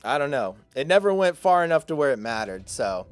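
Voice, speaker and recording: A man's voice: mid-range voice, big pitch swings, fairly quick, clean tone, dry recording, soft background music. A man in his twenties, a streamer, chatting casually with his viewers and rambling through a self-deprecating story full of fillers.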